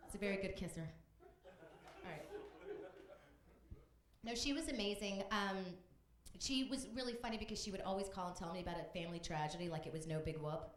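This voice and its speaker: A woman's voice: mid-range voice, fairly quick, long pauses, slight background noise. A woman comedian from Texas doing a conversational stand-up set, bantering with the crowd on a club stage. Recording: echoey live club room.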